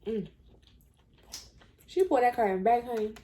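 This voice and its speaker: A woman casually telling a story while eating on camera, chatty and animated, calling the listener honey. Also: on the high side, moderate pace, a little hiss or hum. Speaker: mukbang storyteller.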